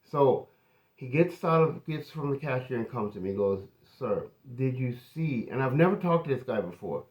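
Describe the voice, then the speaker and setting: A pastor telling a personal testimony in an earnest, conversational way. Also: male voice, mid-range voice, animated, brisk, muffled recording.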